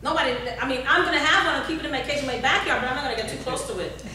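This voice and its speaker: A woman's voice: sits high, very fast, background noise. A woman giving a motivational workshop talk, urging her audience with repeated calls and questions, recorded in a large hall. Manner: exhorting, repetitive, asks the audience questions. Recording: echoey hall, speaker far from the recorder.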